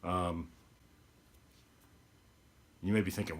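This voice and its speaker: A deep-voiced man, talking to camera as a podcast host. He rambles in an easygoing, unpolished way. His low, heavy voice carries the whole casual chat. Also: fairly even intonation, normal speed, pauses often. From East Texas. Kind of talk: casual solo video podcast talk.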